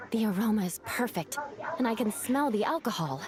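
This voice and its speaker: A woman's voice: a little high, lively intonation, soft background music, lightly acted. An actress voicing a proud young noblewoman knight in a game, giggling and drawing out her words while tipsy. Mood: savoring. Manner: giggly, drawn-out tipsy delivery. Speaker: game character. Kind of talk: video game voice acting.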